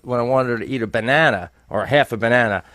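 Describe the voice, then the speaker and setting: A middle-aged man co-hosting a comedy podcast, telling animated stories in casual chat with some swearing. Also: medium pitch, fast, no echo, studio quality. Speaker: podcast co-host.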